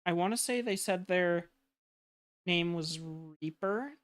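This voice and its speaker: A woman's voice: lowish voice, takes it slowly. A woman guest chatting casually on a game stream, hesitant with many ums.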